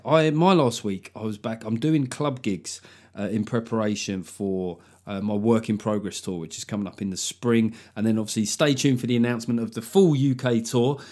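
Sweary comedian hosting a podcast. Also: male voice, medium pitch, normal speed. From London. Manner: sweary, joking, lively storytelling. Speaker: podcast host and stand-up comedian. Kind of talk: solo podcast monologue.

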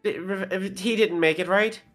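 A man's voice: high voice, fairly even intonation, a little slow, fairly bright tone, soft background music. A man playing in a casual tabletop game, speaking anxiously with stammers. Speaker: player.

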